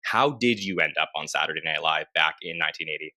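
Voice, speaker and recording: A man's voice: very deep voice, quick pace, pushed and bright, dry recording. A man hosting a podcast, reading promos and introducing his guest in an upbeat, promotional manner. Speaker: podcast host. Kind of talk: podcast host read and intro.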